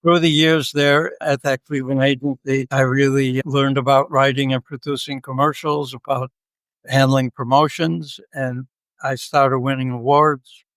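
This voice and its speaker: A man's voice: medium pitch, flat delivery, unhurried, fairly bright tone, no echo. A man in his seventies, a podcast guest, tells stories in a joking, easygoing way. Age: 70s. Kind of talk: casual interview storytelling.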